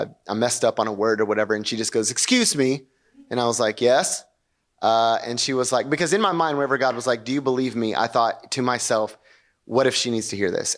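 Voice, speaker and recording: Brief: male pastor, mid-pitched, casual sermon storytelling, lively, acts out dialogue. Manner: animated, chatty, acts out quotes with rising pitch. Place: church service.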